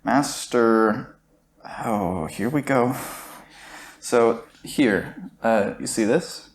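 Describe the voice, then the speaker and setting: Man, podcast co-host, casual chat, wry deadpan asides. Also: mid-range voice, drawn-out words.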